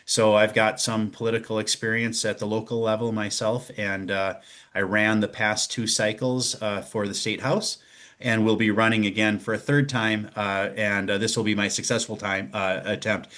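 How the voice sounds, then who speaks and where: Low-voiced man. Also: little pitch movement, a bit bright. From northern Minnesota. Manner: halting, restarts often while searching for words. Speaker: guest, local politician. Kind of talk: casual interview talk.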